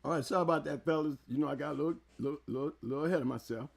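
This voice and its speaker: A man hosting a casual talk show interview, excitable and loud, often repeating words as he speaks into a close mic. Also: on the high side, racing, vocal fry. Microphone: handheld mic held close.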